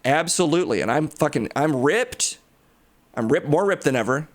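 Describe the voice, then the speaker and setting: A man's voice: fairly high pitch, animated, moderate pace, lightly acted. A man voicing a brash, boastful reanimated superhero tech genius who brags crudely about himself. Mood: cocky. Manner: cocky, crude bragging. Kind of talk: improvised comedy impression.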